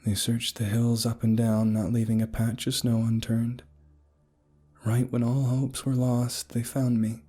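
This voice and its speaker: A man's voice: medium pitch, little pitch movement, unhurried, warm tone, voice pushed up, lightly acted. A man voicing a grown woman who recalls a childhood ordeal in a plain, reflective storytelling way.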